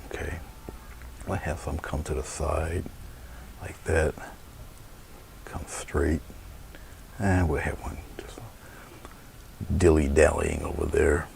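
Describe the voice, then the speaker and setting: A man teaching painting in a relaxed, chatty way, talking through his brushwork as he paints live. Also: rumbling low, slow pace, creaky, pauses often, whispered. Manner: relaxed, chatty, thinking aloud. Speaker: painting instructor.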